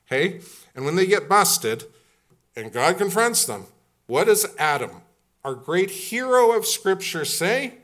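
A man's voice: high-pitched, big pitch swings, slow, a bit bright. Conversational, humorous male pastor. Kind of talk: sermon.

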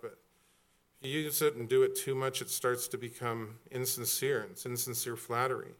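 A man's voice: medium pitch, a bit bright. Middle-aged man, pastor, casual sermon delivery with humor. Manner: conversational, jokey, acts out quoted voices.

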